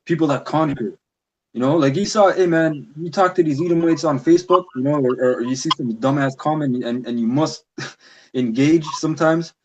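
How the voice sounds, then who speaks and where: A man in a casual religious discussion, talking in an animated, heated way and often ending his sentences with "man.". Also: a little high, normal speed, lo-fi sound. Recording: noisy recording with clicks.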